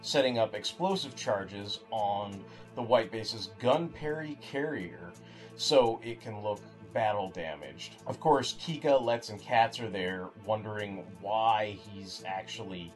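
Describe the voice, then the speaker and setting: A man co-hosting a podcast in casual chat, halting with many restarts and fillers. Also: lowish voice, expressive, soft background music. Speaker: podcast co-host.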